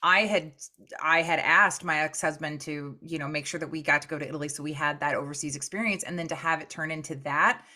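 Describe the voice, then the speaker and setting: Lively, bright-voiced woman host. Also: low-pitched, brisk. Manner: animated storyteller, jumps into quoted voices. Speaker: podcast host. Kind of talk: casual storytelling chat.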